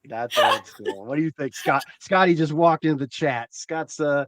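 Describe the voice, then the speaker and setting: A man's voice: a little high, animated, normal speed, fairly bright tone, a little hiss or hum. A man hosting a casual livestream chat, talking loosely and profanely with rambling asides. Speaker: host of a growing show.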